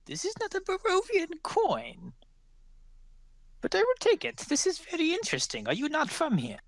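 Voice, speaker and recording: Man doing old crone pie seller, tabletop game, shrill and sugary, dry sound. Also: huge pitch swings, normal speed, no room sound, full character voice. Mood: sweet. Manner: sugary, doting old-lady voice. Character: old female hag pie seller, sweetly sinister. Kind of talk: tabletop role-play.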